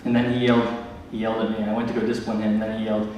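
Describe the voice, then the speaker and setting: A young man doing a stand-up comedy set, delivering awkward deadpan one-liners full of filler words. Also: on the low side, very fast. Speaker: stand-up comic. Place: large hall with live audience. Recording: echoey hall, distant mic, loud noise.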